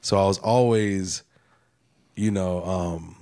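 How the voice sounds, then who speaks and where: A man with a very deep voice chats as a guest at a roundtable. He is laid-back and jokes often. The recording is dry and close. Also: takes it slowly, warm tone, clean tone, dry recording. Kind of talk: casual roundtable discussion.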